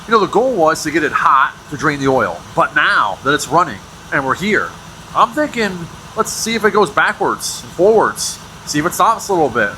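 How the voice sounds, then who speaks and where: Lively, bright-voiced rambling man. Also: fairly high pitch, normal speed, a little hiss or hum. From New Hampshire. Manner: rambling, joking, self-deprecating asides. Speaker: host working on an old vehicle. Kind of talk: casual running commentary while wrenching.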